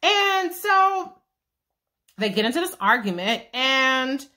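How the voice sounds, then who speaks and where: Woman, animated pitch, bright voice, sassy profane TV recap. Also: slow pace. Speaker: show recap vlogger. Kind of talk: casual TV recap.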